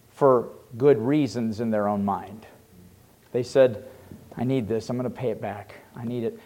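A male pastor preaching a sermon, dropping to hushed low asides and rising to loud fervent pleading.

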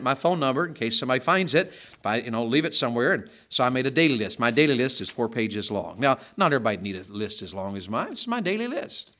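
A middle-aged man, preaching a sermon in a folksy, conversational way, with loud bursts of emphasis. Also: mid-range voice.

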